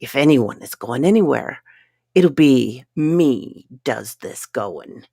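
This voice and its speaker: A woman's voice: rumbling low, animated, slow pace, creaky, warm tone, breathy edge, dry recording, clean studio sound, full character voice. A woman voicing a big, boastful spaceman with a folksy drawl, in a storybook reading. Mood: defiant. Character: big brash Irish spaceman, grown man.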